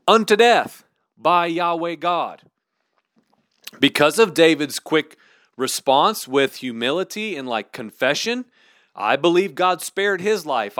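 A man preaching earnestly and conversationally. His voice sits a little high for a man. It is recorded close and dry, with no room echo. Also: a bit bright, clean tone. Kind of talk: sermon teaching.

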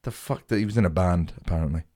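A man's voice: sits low, fast talker, dark tone. A young man co-hosting a podcast, swearing freely and acting out stories in casual chat. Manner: swears a lot, acts out anecdotes. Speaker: podcast co-host.

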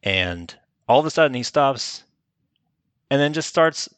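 A man's voice: mid-range voice, animated, measured pace, a bit bright, clean tone, no echo. A man co-hosting a casual chat, recapping a film in rambling stretches full of fillers. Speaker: podcast co-host.

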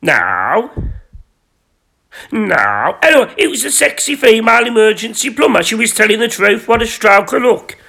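A man hosting a podcast, reading his own erotic story in a rambling, crude, self-important deadpan. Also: very high voice, quick pace, creaky, few pauses. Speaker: podcast host.

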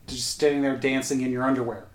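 A man co-hosting a casual podcast discussion, making quick witty quips. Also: mid-range voice, little pitch movement. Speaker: podcast co-host. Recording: roomy echo.

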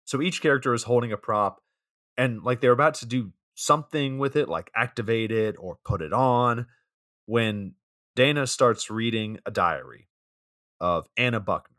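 A man's voice: mid-range voice, expressive, moderate pace, a bit bright, dry recording. A man co-hosting a podcast, casually retelling a horror movie's scenes with dry jokes. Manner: laid-back, dry joking, retelling scenes. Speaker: podcast co-host. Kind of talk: casual movie recap chat.

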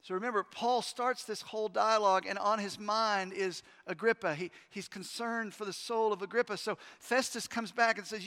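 A man preaching a sermon emphatically, moving between hushed and loud delivery. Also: high-pitched, steady tone, fairly quick, few pauses. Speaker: pastor. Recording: long hall reverb.

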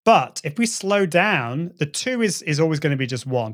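A man's voice: on the high side, animated, moderate pace, hardly any pauses. A middle-aged man, a guest on an interview show, explaining voice and presenting technique and demonstrating sounds as he goes. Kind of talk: conversational interview.

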